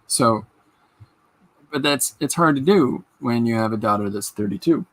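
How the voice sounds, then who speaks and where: Husky man chatting casually. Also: medium pitch, lively intonation, normal speed, fairly bright tone. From Canada. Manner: chatty, rambling, reads out viewer comments. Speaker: podcast host. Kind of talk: casual livestream chat.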